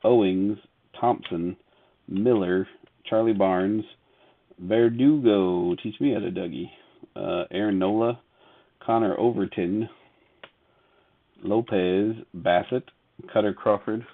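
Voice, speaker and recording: Slow, gravelly man on tinny audio. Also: on the low side. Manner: reads player names off cards in a running list; laughs often, chats with viewers between cards. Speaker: card break host. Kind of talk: casual live card break.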